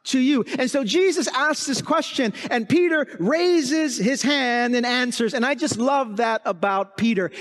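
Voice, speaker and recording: A man's voice: very high voice, in a large hall. A man preaching a sermon as pastor, emphatic and full of rhetorical questions.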